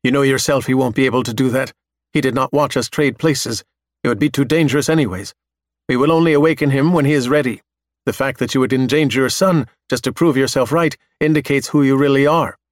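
A man's voice: mid-range voice, brisk, dry recording, lightly acted. A man voicing a menacing four-legged male robot that presses and threatens, in a dry recording. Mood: cold, pushy. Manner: insistent, threatening.

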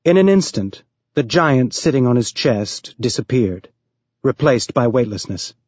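A man reading an audiobook aloud as narrator, raising his pitch to voice characters. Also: animated, a little slow, a little mellow, no room sound, highs cut off.

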